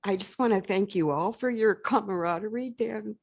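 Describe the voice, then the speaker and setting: A woman thanking a public meeting on her late husband's behalf, speaking in an emotional, halting, heartfelt way. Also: medium pitch. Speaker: widow of honoree. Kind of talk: brief thank-you remarks.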